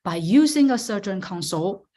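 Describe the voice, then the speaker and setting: A woman's voice: medium pitch, lively intonation, normal speed, dark tone. A woman student presenting her research in a timed talk, friendly and explanatory, asking the audience questions.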